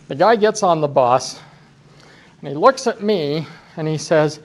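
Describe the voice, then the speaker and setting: A man's voice: a little high, moderate pace, creaky. A man giving a conference talk as a driver trainer, telling self-deprecating stories and acting out what people said. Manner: animated, self-deprecating storyteller acting out quotes. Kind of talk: storytelling presentation. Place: conference session room.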